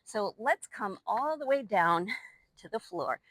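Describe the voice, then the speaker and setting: Working out alongside her class, a young Pilates instructor counts reps and gives encouraging cues, out of breath. She speaks in an expressive, unhurried, fairly bright mid-range voice, recorded dry on a new microphone.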